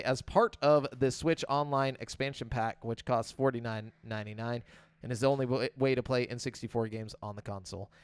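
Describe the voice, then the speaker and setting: A man co-hosts a casual gaming podcast, reading news in a loose, chatty way full of fillers. His voice is smooth and clear at a middle pitch. The sound is close and dry. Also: no echo. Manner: relaxed, laughs often, fillers. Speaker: podcast co-host.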